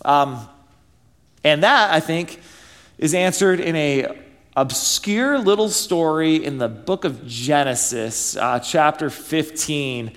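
A man's voice: a little high, slow pace, a bit bright. A man in his thirties, a pastor giving a conversational sermon full of fillers and rhetorical questions.

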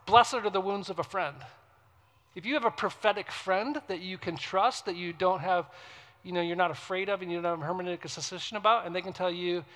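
High-voiced man preaching with emphatic swings. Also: fairly bright tone, in a large hall. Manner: conversational, emphatic, rises sharply on stressed words. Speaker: pastor. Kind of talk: sermon. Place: church before a congregation.

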